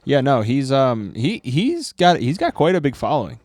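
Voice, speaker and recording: A man's voice: mid-range voice, sing-song, normal speed, darkish tone, dry recording. Comedian guy chiming in with questions, casual swearing, dry sound. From Chicago area. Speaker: stand-up comedian. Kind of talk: casual podcast chat.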